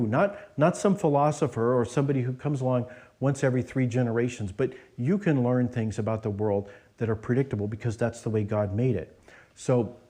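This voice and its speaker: A man's voice: mid-range voice, a little mellow. A man preaching a sermon as pastor, in a conversational way with frequent restarts and fillers. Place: church.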